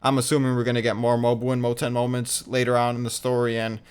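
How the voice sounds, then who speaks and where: A man with a smooth, resonant voice, chatting casually in a fan discussion. He talks in quick animated bursts, full of fillers and casual swearing, sitting at a middle pitch.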